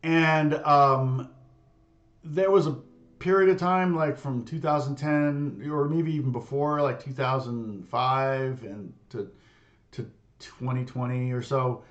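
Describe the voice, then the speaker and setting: A man's voice: mid-range voice, steady tone, takes it slowly, lo-fi sound. A middle-aged man, a guitar teacher, chatting casually and rambling, with many fillers, restarts and laughs. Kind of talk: casual livestream chat.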